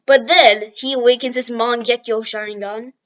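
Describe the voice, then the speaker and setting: Woman, high voice, casual fan-story narration, rambling, restarts often. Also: fairly even intonation, normal speed, highs cut off. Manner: rambling, with frequent restarts and apologies.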